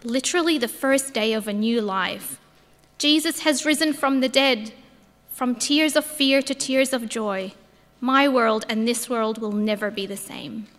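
A woman's voice: a little high, unhurried, fairly bright tone. A woman acting as Mary Magdalene, reading a heartfelt first-person account in a church. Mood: joyful. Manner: earnest, heartfelt storytelling. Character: Mary Magdalene, grieving then overjoyed woman disciple. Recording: echoey church hall.

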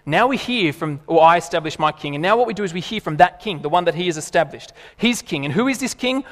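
A man, preaching a sermon in an animated, emphatic way. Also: high voice, in a large hall. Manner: animated, emphatic, laughs and acts out voices.

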